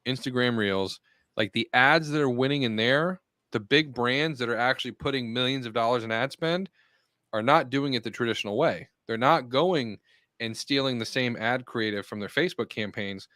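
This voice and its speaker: A man's voice: medium pitch, moderate pace, no room sound, clean studio sound. Matter-of-fact man explaining. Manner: explains marketing points in a steady, matter-of-fact way. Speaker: podcast co-host. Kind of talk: casual round-table chat.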